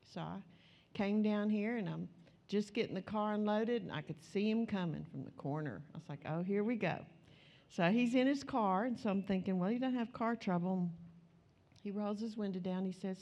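A woman's voice: medium pitch, normal speed, a little mellow, highs cut off. Middle-aged woman preacher, an earnest storyteller who voices each side of a conversation. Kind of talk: sermon.

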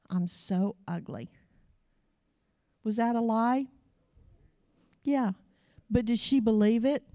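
A woman's voice: mid-range voice, warm tone, no echo. Middle-aged woman preaching, emotional storyteller, dry and muffled sound. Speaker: pastor's wife, preacher. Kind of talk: sermon.

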